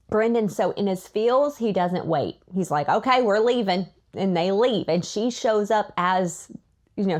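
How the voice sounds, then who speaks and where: Chatty woman retelling a story. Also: medium pitch. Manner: chatty, animated retelling with laughs and acted-out quotes. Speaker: podcast host. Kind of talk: casual book recap.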